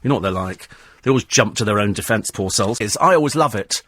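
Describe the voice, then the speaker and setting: A man's voice: on the low side, expressive, quick pace, fairly bright tone. A man hosting a talk radio phone-in, combative and sarcastic as he answers listener texts in a studio. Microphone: studio microphone.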